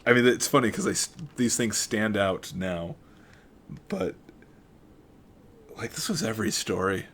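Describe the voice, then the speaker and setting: Low-voiced man reading a novel aloud. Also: unhurried, a little hiss or hum. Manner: steady reading with occasional stumbles and self-corrections. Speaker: audiobook reader.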